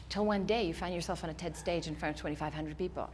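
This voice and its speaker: A woman who is not a native English speaker, giving a lively storytelling motivational talk to a live audience. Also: deep voice, fast, few pauses, slight background noise. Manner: animated storytelling, acting out her own inner voice. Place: event hall before a live audience.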